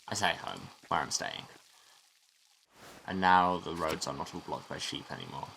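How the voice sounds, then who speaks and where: A man's voice: very deep voice, sing-song, normal speed, gravelly, sharp tone, a little hiss or hum, poor audio. A man hosting a let's play, giving wry, muttered asides about the game as he plays. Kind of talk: game commentary.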